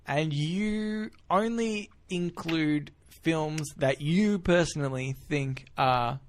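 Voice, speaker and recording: A man co-hosting a podcast in casual chat, telling stories in an animated, jokey way. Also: on the high side, slow, a little hiss or hum. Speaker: podcast co-host.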